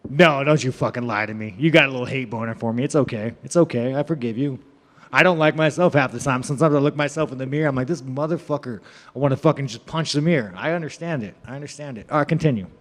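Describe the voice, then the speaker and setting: Brash, profane fighter in an echoey room. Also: male voice, mid-range voice, quick pace. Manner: brash, profane, rambling, joking. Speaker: fighter at a press event. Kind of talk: media scrum answers.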